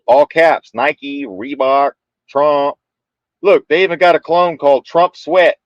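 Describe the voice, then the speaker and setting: A man co-hosting a casual political chat, talking in an animated, slangy, joking way. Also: fairly high pitch, slow, highs cut off, slight background noise. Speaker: co-host.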